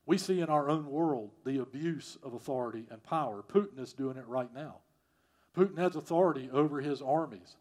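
A man preaching a sermon, repeating phrases and swinging from loud emphasis to quiet, prayerful lines. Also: mid-range voice, fairly quick. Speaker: pastor.

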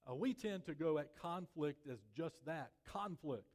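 A man preaching a sermon as pastor, measured and earnest, letting his voice fall softly at the ends of phrases. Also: a little high, expressive. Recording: long reverb of a church hall.

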